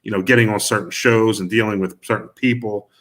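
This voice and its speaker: Man, middle-aged, lowish voice, rambling interview talk, lots of fillers. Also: steady tone, fairly quick, fairly bright tone. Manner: rambling, many restarts and fillers. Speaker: music manager and producer guest. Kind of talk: casual interview conversation.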